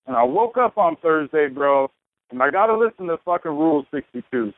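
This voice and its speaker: A man's voice: a little high, expressive, fairly quick, dry recording. A man in his thirties, a podcast guest telling his story in a loose, profane, rambling way. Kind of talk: casual conversation. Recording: tinny phone-like line.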